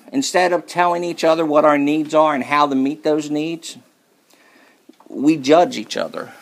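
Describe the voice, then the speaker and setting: A man preaches a sermon to a congregation in a gravelly, slightly raised voice. His folksy, joking delivery shifts between low, confiding asides and louder, emphatic points.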